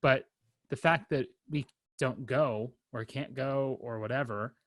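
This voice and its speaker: A young man talks on a podcast in a loose, rambling way, stopping and restarting his thoughts and tossing in wry jokes at his own expense. His voice sits at an ordinary middle pitch. The sound is dry and close, with no room echo. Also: fairly bright tone. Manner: rambling, halting with many fillers and restarts; wry, self-deprecating humor. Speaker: podcast co-host. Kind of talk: casual chat.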